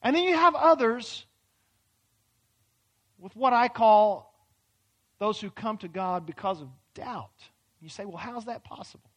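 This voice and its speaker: A man preaching a sermon in a church, acting out pleading prayers and swinging from loud, urgent questions to hushed near-whispers. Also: sits high, slow pace, long pauses. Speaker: pastor. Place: church hall.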